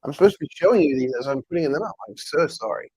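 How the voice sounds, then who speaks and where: A chatty man talks casually to viewers on a live stream and answers their comments as they come in. His voice is husky and a little higher than most men's, and it swings up and down a lot. The sound is dry and close, with no room echo. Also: animated, rapid-fire, warm tone. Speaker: pin collector streaming live.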